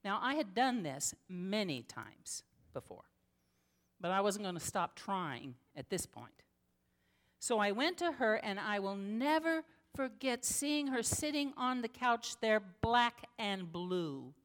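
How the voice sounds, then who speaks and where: A woman pastor preaches a sermon at a slow, deliberate pace. Her voice sits in a middle register and rings with a long hall reverb. She tells her story earnestly, with dramatic pauses. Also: medium pitch, sing-song, a bit bright.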